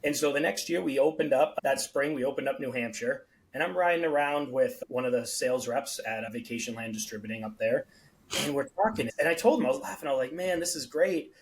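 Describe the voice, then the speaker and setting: A man's voice: mid-range voice, fast talker, slight background noise, low-quality recording. A man, a beverage company founder, telling stories on a podcast and acting out the people in them. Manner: animated storyteller, acts out quoted dialogue. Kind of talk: casual podcast storytelling.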